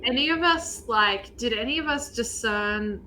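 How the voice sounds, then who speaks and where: A woman's voice: on the high side, measured pace, sharp tone, a little hiss or hum, poor audio. A woman with an Australian accent playing a tabletop game, playful and giggly, blunt when she speaks in character. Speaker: player.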